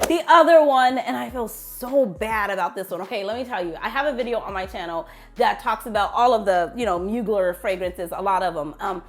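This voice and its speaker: Woman vlogger, chatty, higher voice, talks to viewers like girlfriends. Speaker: beauty vlogger. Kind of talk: casual chat to viewers.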